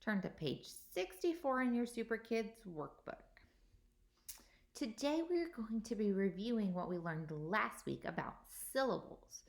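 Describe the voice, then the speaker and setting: A woman teacher giving a recorded workbook lesson to young children, slow and patient, sounding out each vowel. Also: medium pitch, lively intonation, creaky.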